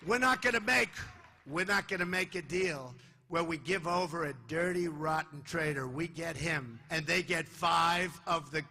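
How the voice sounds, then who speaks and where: An older man giving a boastful, repetitive campaign rally speech in a large hall, dropping to low asides and rising to shouts. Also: moderate pace. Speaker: political candidate speaking at a rally. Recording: live hall recording with faint crowd ambience.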